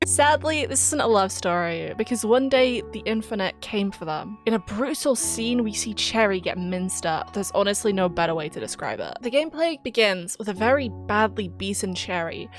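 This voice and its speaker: A woman's voice: mid-range voice, animated, moderate pace, few pauses, faint music behind. A young British woman with a British accent narrating a video essay about a game in a chatty, giggly, self-deprecating way. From Britain. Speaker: YouTuber.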